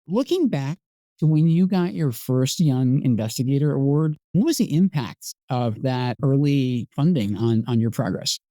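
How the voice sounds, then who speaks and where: A middle-aged man from Scotland hosting a podcast interview, thoughtful and self-deprecating in a relaxed conversational way. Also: mid-range voice, no room sound. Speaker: podcast host.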